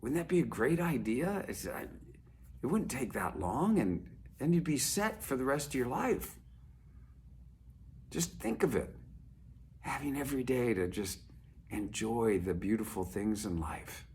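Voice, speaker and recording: A man's voice: medium pitch, expressive, unhurried, a little mellow, slight background noise, voice pushed up. A man playing an eager, persuasive middle-aged businessman in a told story, earnest and building his ideas up one after another.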